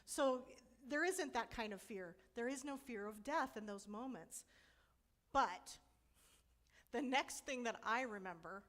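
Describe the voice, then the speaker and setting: Middle-aged woman, conference speaker; bright-ish register, frank and laughing as she tells her story. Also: a little high, big pitch swings, unhurried. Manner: candid storytelling with frequent laughs. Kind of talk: personal testimony talk.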